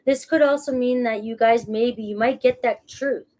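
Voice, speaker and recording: A woman giving a casual tarot reading in a fairly high voice. She speaks in a chatty, reassuring way, often checks in with "all right" and "okay," and doubles back on her phrases as she goes. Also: steady tone, normal speed, a little mellow. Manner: laughs at herself, restarts phrases. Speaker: tarot reader.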